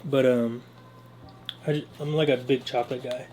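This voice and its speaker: A man's voice: mid-range voice, fairly even intonation, moderate pace, over music. A young man hosting a food-tasting vlog, chatting in a laid-back, rambling way with many fillers. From American Samoa. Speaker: vlog host. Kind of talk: casual chat.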